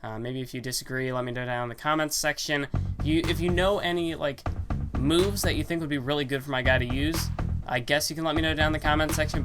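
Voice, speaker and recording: A young man giving casual, rambling commentary on a wrestling video game, full of fillers and self-corrections. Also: medium pitch. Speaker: gaming channel host. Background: game music.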